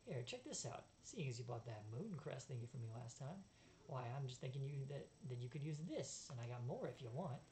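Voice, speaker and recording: A fast-talking male trader who wheedles like a salesman closing a deal, voiced by a woman. His voice sits very low and deep. A faint hiss runs underneath. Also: expressive, warm tone. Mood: wheedling.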